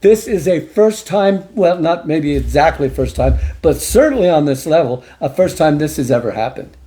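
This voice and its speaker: A middle-aged male host delivers his commentary with a preacher's insistence, leaning on repetition to drive points home. His voice is mellow and dark in tone yet rides slightly high in pitch. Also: expressive, moderate pace. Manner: emphatic, preachy, repeats for stress. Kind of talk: opinion commentary show.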